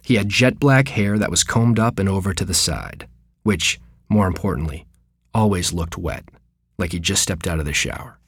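A man reading a personal memoir story aloud, with wry, deadpan humor. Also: deep voice, moderate pace, husky, no room sound, clean studio sound.

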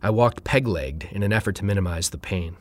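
A man reading a first-person story aloud in a wry, deadpan way. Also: low-pitched, fairly quick, no room sound. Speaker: narrator.

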